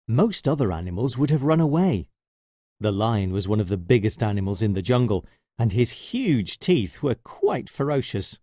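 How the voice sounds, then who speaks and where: A man reading a children's story aloud, slowly and expressively. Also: medium pitch, no echo, clean studio sound. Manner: slow and expressive.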